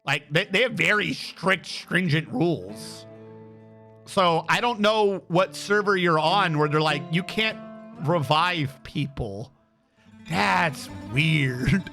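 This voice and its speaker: A man with a high, bright, sharp-edged voice tells a story on a live stream, animated and cursing as he acts out the other people's lines. Quiet music plays behind him. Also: slow, vocal fry. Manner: animated, swears freely, acts out quotes.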